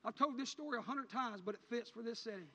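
High-voiced preacher in a reverberant hall. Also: male voice, quick pace. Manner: rising into loud fervent preaching with Southern country speech. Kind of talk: sermon. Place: church sanctuary. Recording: hall reverb, dull lo-fi sound.

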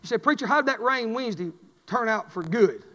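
High-voiced preacher in an echoey hall. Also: male voice, expressive, a little fast, muffled recording. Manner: chanting, swings between shouting and low drawl. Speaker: pastor. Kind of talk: fiery sermon.

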